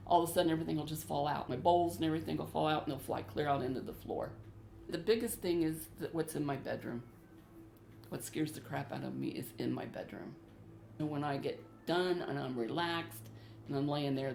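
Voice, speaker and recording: Gravelly middle-aged woman, anxious storyteller. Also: low voice, warm tone. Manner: earnest, anxious storytelling with repeated phrases. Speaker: homeowner describing hauntings. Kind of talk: recounting experiences on a paranormal show. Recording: echoey room with faint noise.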